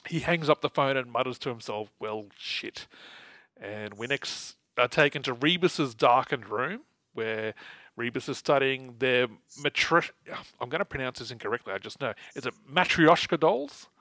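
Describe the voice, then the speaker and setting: A chatty man hosts a podcast and recaps comics with dry, wry asides, laughing often. His voice is mid-pitched and sounds close and dry, with no room around it. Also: normal speed, bright, forceful tone, dry recording, low-quality recording. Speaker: podcast co-host. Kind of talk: casual chat recapping comics.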